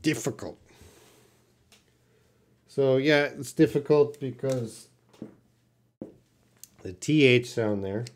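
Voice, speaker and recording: A man with a Canadian accent teaching English on a live stream. He takes each question in turn and talks at a slow, unhurried pace, patient and plain, with a voice of middle pitch. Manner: slow, patient, answers viewers' comments.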